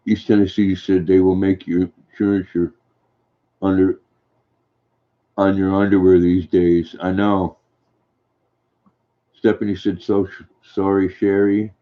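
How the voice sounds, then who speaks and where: Older man with a low, flat voice. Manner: gentle, folksy, reads viewer comments aloud and answers them. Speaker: livestream host reading chat. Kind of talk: casual chat. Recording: dull lo-fi stream audio.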